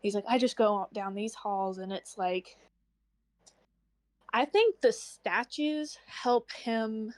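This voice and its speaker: Young woman, book club co-host, casual chat, animated, quotes characters aloud. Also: fairly high pitch, slow pace. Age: young adult. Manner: animated, acts out characters' lines with lots of "like".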